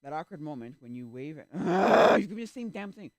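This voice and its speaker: A man streaming and chatting casually, animated and easily exasperated, acting out little reactions. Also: fairly high pitch, fast talker. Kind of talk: casual chat.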